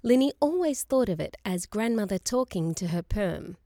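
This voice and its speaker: Audiobook narrator, woman, expressive and measured, dry close-miked studio sound. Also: medium pitch, dry recording. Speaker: audiobook reader. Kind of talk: scripted narration.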